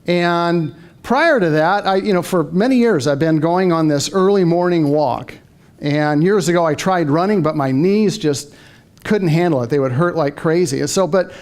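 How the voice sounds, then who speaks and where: High-voiced man telling a motivational story. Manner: storytelling, acts out his inner dialogue. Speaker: motivational speaker. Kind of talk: motivational talk to a live audience.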